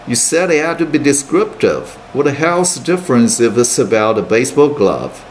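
A man reading aloud and voicing an irritable, conceited teenage boy roommate who swears gruffly. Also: medium pitch, expressive, moderate pace, a little hiss or hum, close to an everyday voice, poor audio. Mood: furious. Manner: gruff, swearing, exasperated retorts.

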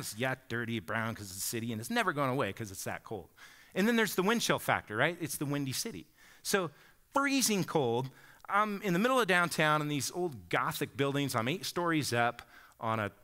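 Animated, bright-voiced male preacher. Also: mid-range voice. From Bend, Oregon. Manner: conversational storytelling, often asks the congregation "right?". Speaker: pastor. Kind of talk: sermon.

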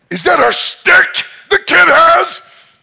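A man's voice: extremely high pitch, very animated, drawn-out words, gravelly, mellow, voice pushed up, exaggerated voice. A man voicing an enraged, insulted giant warrior who bellows his threats. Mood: furious. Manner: bellowing, outraged.

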